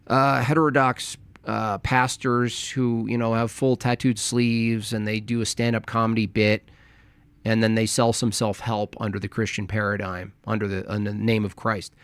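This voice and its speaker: Forties male streamer, taunting and argumentative, mid pitch, dry close sound. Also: no room sound. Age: 40s. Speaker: streamer reacting to clips. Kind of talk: combative live-stream commentary.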